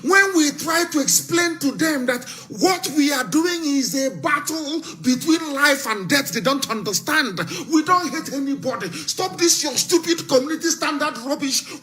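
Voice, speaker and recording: A man delivers a fiery live broadcast speech in a high, forceful voice. He hammers his points home with rhetorical questions and breaks into shouting. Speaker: political broadcaster.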